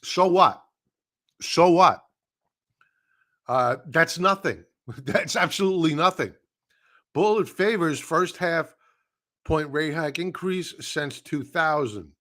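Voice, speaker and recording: Here the livestream trading host sounds a little high and sharp, keeping a measured pace. His live market talk stays casual and blunt as he scoffs at the headlines and drives his points home by repeating them.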